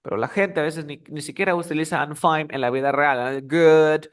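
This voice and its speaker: A man teaches English over a video call and slips between both languages as he explains. His voice sits a little high, and he acts out small example dialogues to show each phrase. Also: racing, a bit bright. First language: Spanish. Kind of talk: online English lesson.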